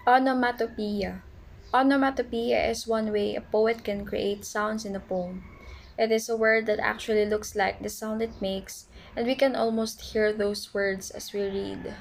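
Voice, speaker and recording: A woman's voice: a little high, slight background noise, rough recording. A woman reading out a class report on poetic sound devices from notes, with small stumbles. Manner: reads definitions aloud from notes, small stumbles. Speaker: student presenter.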